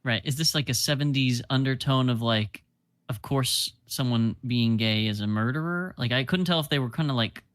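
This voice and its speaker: Dude on a movie podcast, relaxed, lots of likes and ums, mid voice. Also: male voice, mid-range voice, normal speed. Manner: casual, loose, lots of filler, gripes freely. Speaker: podcast co-host film critic. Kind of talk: casual film review chat.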